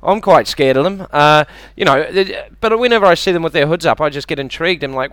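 A man with a New Zealand accent doing a deadpan, self-deprecating stand-up set and bantering with the audience on a club stage. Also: on the high side, brisk, hardly any pauses, clear, resonant tone, no echo. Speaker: stand-up comedian. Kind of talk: stand-up comedy routine.

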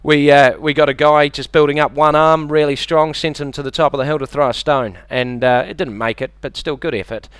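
Man, New Zealand accent, stand-up comic, deadpan, self-deprecating, bantering with the crowd, dry sound. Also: fairly high pitch, brisk, hardly any pauses, clean tone, dry recording. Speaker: stand-up comedian. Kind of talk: stand-up comedy routine. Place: comedy club stage.

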